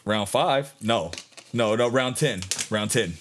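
Picture a man making his points in casual talk, leaning on repeated phrases to hammer them home. His voice sits at an ordinary pitch for a man. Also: takes it slowly, a little hiss or hum. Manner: emphatic, repeats himself for stress. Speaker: podcast co-host. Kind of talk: casual sports chat.

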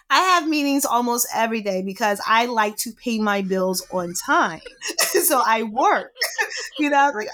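A woman entrepreneur chatting as a podcast guest, animated and quick to laugh while telling stories. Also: on the high side. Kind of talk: casual conversation.

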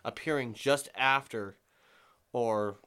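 A man co-hosts a podcast, talking quickly and casually. He swears freely and shifts into reading strange local stories aloud, with a mid-range voice. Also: mid-range voice, pushed and bright, smooth. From New England. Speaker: podcast co-host.

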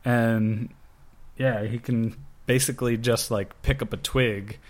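A man in casual chat, talking slowly and rambling with lots of fillers. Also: medium pitch, fairly even intonation. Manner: slow, rambling, many fillers. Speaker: guest. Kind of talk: casual chat about comic books.

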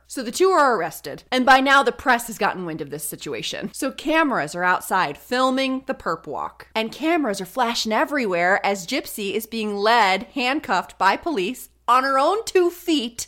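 A woman's voice: mid-range voice, expressive, normal speed, hardly any pauses, a bit bright. A woman hosting a true crime video, telling the story in a chatty, sarcastic way and swearing freely.

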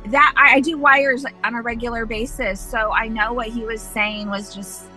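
A woman giving interview commentary, deliberate and emphatic in how she speaks. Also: on the high side, steady tone, pushed and bright, soft background music, poor audio.

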